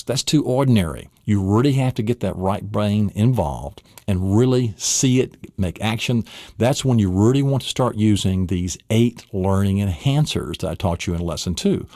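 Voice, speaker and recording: Male memory trainer, animated storytelling lecture, dry close recording. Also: lowish voice, dry recording. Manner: animated, vivid storytelling, asks rhetorical questions. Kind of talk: recorded lesson.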